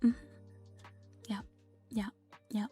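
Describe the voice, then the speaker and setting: Young woman, hushed ASMR whisper, mellow and breathy, playful and giggly, faint music underneath. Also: mid-range voice, flat delivery, drawn-out words. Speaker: ASMR streamer.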